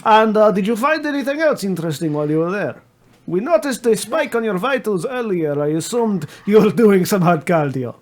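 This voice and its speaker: A stiff, formal commander barking reports in clipped, slightly broken phrasing, as a game master puts him on. The voice sits a touch above the man's usual pitch, mid-range overall. It sounds like a tabletop game role. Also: expressive, fairly quick. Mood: businesslike. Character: male robotic-helmeted commander, stiff, formal, odd grammar.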